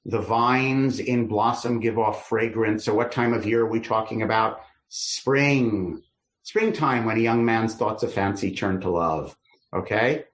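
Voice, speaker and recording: A rabbi with a fairly low voice teaches a text study class, speaking a little slowly. He reads verses aloud and then muses over their meaning in a lively way. There's a roomy echo on the recording.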